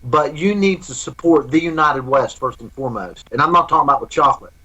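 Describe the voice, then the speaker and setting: A man's voice: on the high side, fast, sharp tone, slightly rough, dull audio. A man speaking as a guest in a live remote interview, earnest and preaching.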